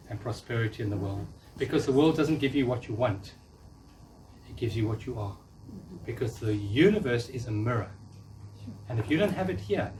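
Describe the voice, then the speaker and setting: A man in his fifties giving a live talk, coaching and encouraging the audience in a room. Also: medium pitch. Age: 50s. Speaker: workshop speaker. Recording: distant mic, faint noise.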